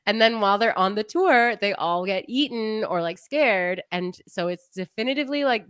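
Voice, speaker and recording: A young adult woman co-hosting a podcast in casual chat, animated and often laughing, mock-exasperated as she rants. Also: mid-range voice, normal speed, few pauses, clear, resonant tone, no room sound, studio quality. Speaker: podcast co-host.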